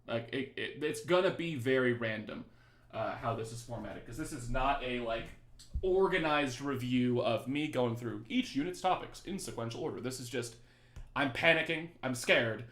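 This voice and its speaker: A man's voice: mid-range voice, lively intonation, normal speed, roomy sound. A young male teacher casually chatting with students on a review livestream, joking and reading the chat aloud. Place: his apartment.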